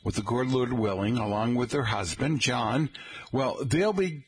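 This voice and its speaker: A middle-aged man hosting a local radio show, chatting in a folksy way and slowly spelling out details for listeners. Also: medium pitch, slightly rough. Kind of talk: casual radio talk. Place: radio studio.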